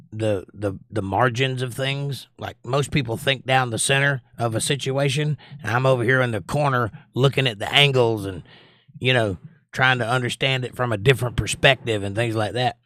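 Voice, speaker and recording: A man's voice: medium pitch, normal speed, pushed and bright, no echo, studio quality. A man from Georgia with a lightly Southern accent, hosting a livestream, reading chat messages aloud and musing on them at length. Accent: Georgia (US Southern), mostly suppressed. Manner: reads chat aloud in a lifted voice, then muses analytically. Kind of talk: casual chat.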